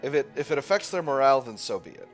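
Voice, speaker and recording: A man's voice: medium pitch, lively intonation, quick pace, soft background music. A man hosting a gameplay video, reading the game text and thinking aloud with hesitant restarts. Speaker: gaming channel host. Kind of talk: let's play narration and reading aloud.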